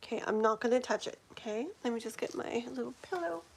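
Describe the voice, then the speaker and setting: A woman in her forties with a slightly high voice hosts a live tarot stream. She chats loosely and rambles, scattering fillers and giggles as she talks to her viewers. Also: fast talker, gravelly, a little hiss or hum. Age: 40s. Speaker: tarot reader hosting a livestream. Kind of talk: casual livestream chat.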